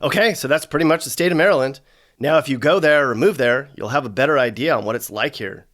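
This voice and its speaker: A man hosting comedic scripted narration with sarcastic, deadpan asides. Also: medium pitch, fast. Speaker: host.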